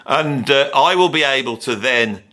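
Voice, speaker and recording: A man's voice: medium pitch, normal speed, pushed and bright. A middle-aged British man giving a rambling, self-mocking outro to his music channel, joking and cheekily pleading with viewers. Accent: British English. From Britain. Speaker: YouTube music commentator. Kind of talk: casual rambling outro monologue.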